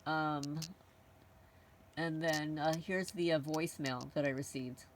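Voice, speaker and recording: A woman's voice: low-pitched, steady tone, takes it slowly, slight background noise. Blunt, outspoken woman vlogger. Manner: outspoken and blunt, circles back to repeat points. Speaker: channel host. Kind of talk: casual to-camera monologue.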